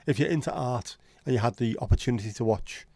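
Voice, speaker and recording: A man's voice: medium pitch, fast talker, warm tone, no echo. Blunt Scouse man in casual chat. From Liverpool, England. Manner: blunt, sweary banter. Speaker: livestream host. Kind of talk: casual chat reading live comments.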